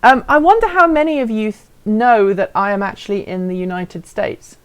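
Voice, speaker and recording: A woman's voice: medium pitch, moderate pace, clean tone. A woman hosting a casual live stream, chatting and answering viewer comments in a playful, self-deprecating way.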